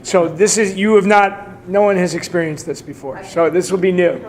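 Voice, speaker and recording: A man leading an adult prayer study session in a synagogue classroom, talking in a relaxed, chatty way with fillers. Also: high-pitched, moderate pace, a little hiss or hum.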